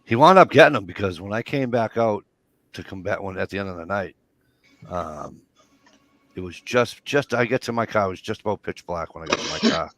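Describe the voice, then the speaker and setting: A middle-aged man telling profane, lively stories in casual chat. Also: low-pitched, brisk. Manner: profane, animated anecdote telling.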